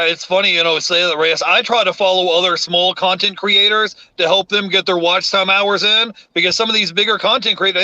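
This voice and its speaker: A man's voice: high-pitched, bright, forceful tone, no room sound, highs cut off. A man hosting a live stream, reading viewer comments aloud in a laid-back way. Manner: reads chat messages aloud, laid-back.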